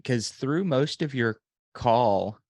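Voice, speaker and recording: A man coaching a sales agent one on one, relaxed and rambling with frequent ums and restarts. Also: medium pitch, takes it slowly, no room sound, clean studio sound.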